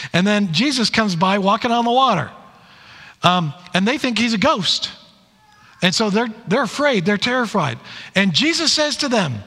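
A male pastor delivers his sermon in a high, lively voice that swoops as he tells the stories and plays each quoted line. His tone rings bright, and the sound carries a long reverb from the church room. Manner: animated storytelling, acts out quoted lines.

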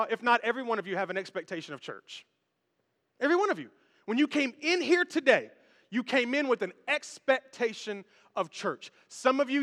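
A man preaching a sermon, animated and talking straight to the congregation in a large church. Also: very high voice, big-room sound. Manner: animated storytelling, direct address to the congregation. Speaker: pastor.

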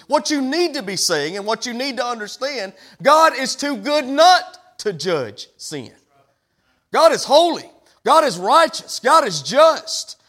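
High-voiced preaching pastor, emphatic. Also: male voice, a bit bright. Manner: preaching with rising, emphatic declarations. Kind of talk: sermon.

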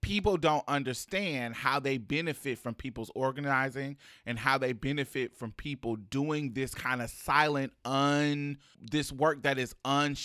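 A podcast co-host in casual chat about a TV episode, animated and quick to laugh, who turns earnest when making a point. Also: medium pitch, no room sound, studio quality. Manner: animated, slipping into quoted voices and laughter.

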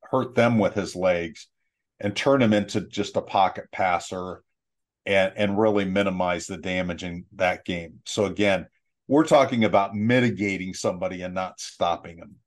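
A man working as a college football analyst, talking through game plans in a relaxed, rambling way. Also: deep voice, normal speed. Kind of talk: casual sports talk.

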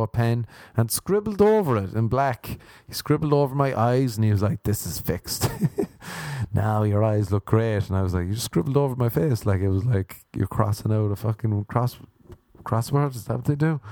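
A man performing a stand-up comedy routine, telling stories deadpan and breaking into animated voices for the people he quotes. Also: lowish voice, no room sound, studio quality. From Ireland.

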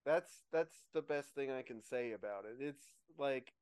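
A man's voice: mid-range voice, normal speed, very noisy. A man co-hosting a podcast over a remote call, speaking hesitantly with many restarts and dry asides. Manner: hesitant, lots of ums and restarts, wry. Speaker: podcast co-host. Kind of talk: casual chat.

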